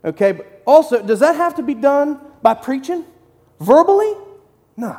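A man giving an excited, conversational sermon in short punchy phrases as a lay preacher in a church. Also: very high-pitched, normal speed. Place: church sanctuary. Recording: long hall reverb.

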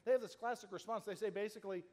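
A male pastor in the middle of a sermon, telling the story in a relaxed, conversational way and slipping into the voices of the people he quotes. His voice sits a bit high for a man, and it rings out with the long reverb of a large church hall. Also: racing. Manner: conversational storytelling, acting out quoted lines, with frequent restarts.

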